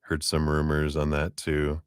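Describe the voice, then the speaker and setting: A man's voice: a bass voice, monotone, a little slow, clear, resonant tone, no echo. Man, tarot reader, live stream, rambling, chatty, dry close sound. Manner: rambling, chatty, acts out quoted voices.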